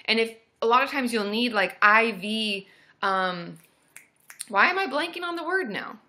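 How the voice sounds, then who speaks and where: A woman's voice: a little high, animated, measured pace, sharp tone, a little hiss or hum. A woman in her thirties, a therapist hosting a casual livestream, bubbly and cheering viewers on with woos and yays.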